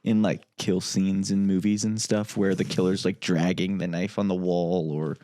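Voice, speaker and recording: A young man co-hosting a casual podcast chat, wry and expressive, often laughing. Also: sits low, moderate pace, no echo, clean studio sound. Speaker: podcast co-host.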